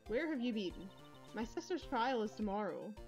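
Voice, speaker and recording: A woman's voice: a little high, expressive, normal speed, darkish tone. A woman voicing a pushy young woman seeking a lawyer in a game, reading her lines in an urgent, insistent way over faint game music.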